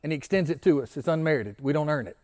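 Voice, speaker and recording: High-voiced pastor preaching. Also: male voice, animated, very fast, darkish tone. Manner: asks the congregation questions and repeats phrases; stammers on restarts. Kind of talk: interactive sermon.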